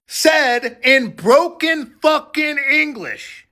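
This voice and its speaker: A man's voice: very high-pitched, big pitch swings, takes it slowly, gravelly, hardly any pauses, pushed and bright. A man reacting with sarcastic, incredulous and profane commentary. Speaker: social media commentator.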